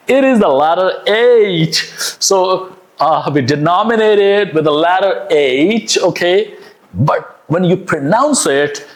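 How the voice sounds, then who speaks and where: A man teaching pronunciation in an enthusiastic lesson, demonstrating sounds with breathy pushes of air and phrasing. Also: on the high side.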